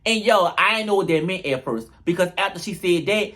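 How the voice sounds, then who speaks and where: Sassy high-voiced man recapping reality drama. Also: fairly quick, pushed and bright. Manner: sassy, profane, jumps into mocking quoted voices. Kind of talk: animated comedic recap.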